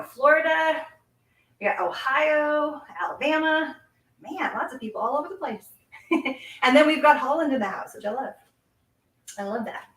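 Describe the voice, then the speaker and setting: Giggly, chatty Canadian-born craft host. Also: female voice, a little high, pushed and bright. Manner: chatty, giggly, talks while working. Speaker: card-making host. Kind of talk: casual live craft demonstration. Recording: echoey room, mic set at a distance.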